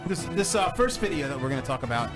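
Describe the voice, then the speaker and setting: A man's voice: a little high, big pitch swings, quick pace, over music. A man hosting a show, laughing often and trading crude jokes. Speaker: host. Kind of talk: raunchy casual banter.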